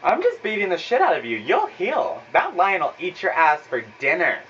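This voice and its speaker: A man's voice: sits high, moderate pace. Young dude vlogging from his kitchen, sarcastic and cussing nonstop, dull phone audio, faint hiss behind. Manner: profane, animated, sarcastic. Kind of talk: casual ranting storytime. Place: home kitchen. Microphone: phone camera.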